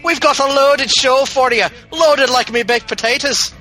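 A man's voice: very high-pitched, moderate pace, bright, forceful tone, soft background music, voice pushed up. A man putting on a hammy stage-Irish blowhard. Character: jolly blustering Irish-style man, put-on brogue.

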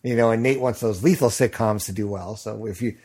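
Middle-aged male podcast host, husky, chatty and rambling with fillers. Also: fairly low pitch, a little fast, a little mellow. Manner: rambling with many fillers and restarts. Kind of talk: casual chat.

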